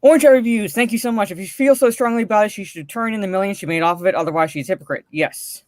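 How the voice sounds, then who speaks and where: A woman's voice: mid-range voice, racing, a little mellow, dry recording, studio quality. A woman co-hosting a live stream, ranting and cursing, then greeting viewers in the chat one by one.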